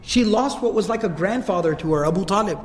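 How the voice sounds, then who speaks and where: A man giving a storytelling sermon as a religious lecturer, animated and often repeating words. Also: high voice, quick pace, slight background noise. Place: mosque hall, indoors. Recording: reverberant hall, faint ambience.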